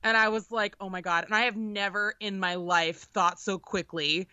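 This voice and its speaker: A young woman co-hosting a podcast, telling an animated, profane story in casual chat. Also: mid-range voice, moderate pace, smooth, no echo. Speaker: podcast co-host. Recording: dull lo-fi sound.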